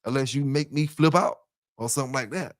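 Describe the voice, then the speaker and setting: A dog kennel channel host rambles loosely through a casual livestream, speaking directly to his listeners. He wears a headset with earphones, and his medium-pitched voice runs a little fast. The recording is dry and studio quality.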